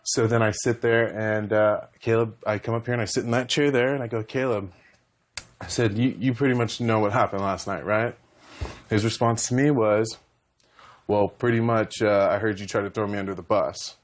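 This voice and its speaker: Low-voiced man rambling emotionally. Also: fairly even intonation, moderate pace. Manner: rambling, emotional, retells dialogue. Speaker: reality show contestant. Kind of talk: heated conversation.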